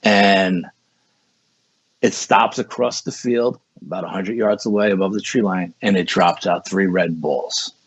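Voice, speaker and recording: A man with a low, husky voice tells a story as a podcast guest. He rambles along casually and keeps saying 'you know'. The sound is dull and lo-fi, with a dry room. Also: steady tone, unhurried, no room sound. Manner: rambling, repeats words and says 'you know' often.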